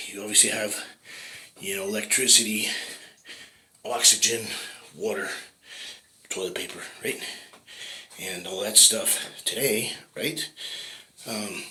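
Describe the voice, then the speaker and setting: A man rambling casually on a vlog, swearing freely and tacking "right?" onto his points. His voice is sharp and forceful but sits low. An echoey room carries faint noise behind him. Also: unhurried, long pauses. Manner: rambling, profane, keeps asking "right?". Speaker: fitness vlogger.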